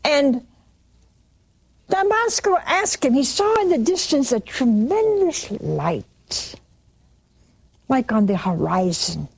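A woman preaching, retelling a saint's vision with quoted dialogue and halting restarts. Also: sits high, sing-song, vocal fry, darkish tone, husky. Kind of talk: sermon storytelling.

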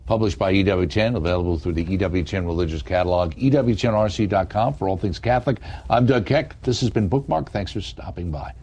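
A man's voice: low-pitched, a little fast, few pauses, darkish tone. A man hosting a book interview show, listening closely and often answering with short words of agreement. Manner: attentive, frequent short affirmations. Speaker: talk show host. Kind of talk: interview host.

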